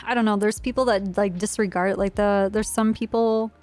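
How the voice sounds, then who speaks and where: A woman's voice: mid-range voice, fairly even intonation, fairly quick, a little mellow, faint music behind. A woman streamer playing a state trooper in online role-play, talking casually and rambling with lots of fillers. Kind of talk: in-character game role-play chat.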